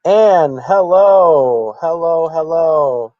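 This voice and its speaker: A man voicing a cheerful female chat viewer in a high, chirpy voice. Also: animated, extremely slow, darkish tone, dry recording, highs cut off.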